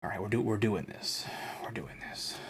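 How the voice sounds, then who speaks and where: A man's voice: lowish voice, moderate pace, whispered. A male streamer in casual chat, exasperated and self-mocking as he repeats the same command over and over.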